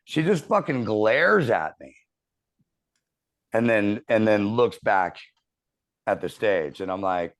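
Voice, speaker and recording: A man in his thirties telling a profane, animated story as a podcast host in casual chat. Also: fairly low pitch, slow pace, pauses often.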